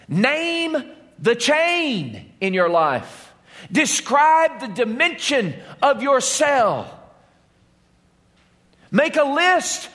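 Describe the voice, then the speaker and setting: A man's voice: very high voice, sing-song, very slow, long pauses, a bit bright. A man preaching a sermon as pastor, in an impassioned, dramatic way. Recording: long reverb of a large hall.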